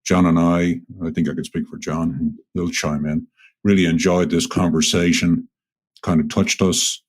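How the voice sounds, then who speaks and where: A man hosting a podcast, asking questions and thanking his guest in a measured, polite way. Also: low-pitched, level tone. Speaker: podcast host. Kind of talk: interview hosting.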